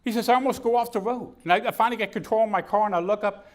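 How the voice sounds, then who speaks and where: Animated storytelling man, slightly high voice. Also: very fast. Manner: storytelling, animated, acts out quotes. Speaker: keynote speaker. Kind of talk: comedic keynote speech. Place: conference stage.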